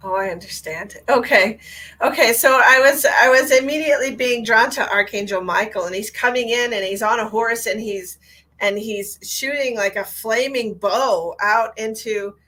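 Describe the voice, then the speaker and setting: A woman's voice: a little high, moderate pace, bright, forceful tone, poor audio. A woman working as a psychic medium, giving a live-streamed reading in a soothing voice and guiding her viewers through a short meditation.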